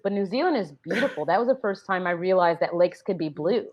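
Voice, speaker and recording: A woman's voice: fairly low pitch, expressive, brisk, a little mellow. A woman co-hosting a live online event, chatting casually and playfully, reading out audience locations in a DJ-like way. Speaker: event co-host. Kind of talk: casual live-stream chat. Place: Minneapolis.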